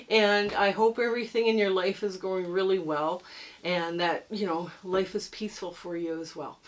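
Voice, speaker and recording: A middle-aged woman with a mid-range voice and fairly even intonation talks at a moderate pace on a low-quality recording. In her sewing room she shows a quilt top for her quilting channel, chatting and rambling a little in a casual show-and-tell vlog that ends with a friendly sign-off.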